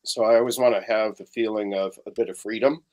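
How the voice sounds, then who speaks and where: A man's voice: lowish voice, fairly even intonation, fast, darkish tone. Easygoing man telling stories. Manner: storytelling, acts out quoted voices. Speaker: guest. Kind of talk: casual podcast chat.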